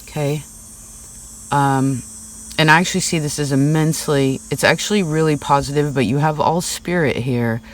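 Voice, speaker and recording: A man's voice: a little high, fairly even intonation, moderate pace, slight background noise. A man giving a casual tarot reading, talking in a rambling, chatty way full of "like" and "right?". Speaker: tarot reader. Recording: slightly distant mic.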